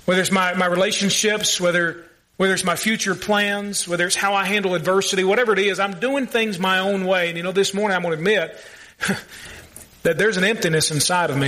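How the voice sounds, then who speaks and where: A male pastor delivers a sermon to his congregation. His voice sits high and sounds bright. He talks earnestly and keeps putting questions to the listeners. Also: fairly even intonation, brisk.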